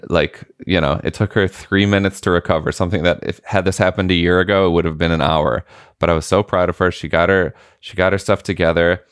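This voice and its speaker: A man's voice: deep voice, steady tone, fast talker, clear, resonant tone, no echo, clean studio sound. A man in his late thirties, co-hosting a podcast, who tells stories in casual chat and acts out the people he quotes. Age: late 30s. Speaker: podcast co-host.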